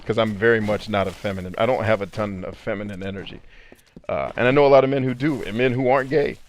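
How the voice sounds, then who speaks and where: A man casually chatting with viewers on a live game stream, animated, laughing often and swearing freely. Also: on the low side, fast. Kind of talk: casual live-stream chat while gaming.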